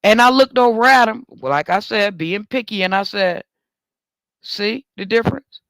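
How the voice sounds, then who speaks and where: High-voiced man telling stories animatedly. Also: moderate pace, dry recording. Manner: animated, swings up high when joking about himself. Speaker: talk show host. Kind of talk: casual storytelling monologue.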